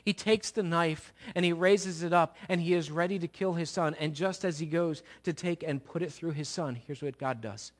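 A man preaching a sermon, retelling scripture dramatically, acting out the voices and swinging from loud to hushed. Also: a little high, normal speed, few pauses.

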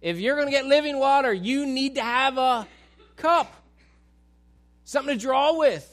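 A man's voice: very high voice, normal speed, pitched above the performer's own voice. A man putting on a scornful, sarcastic village woman. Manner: mocking, scornful, loud. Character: sarcastic Samaritan woman mocking a stranger.

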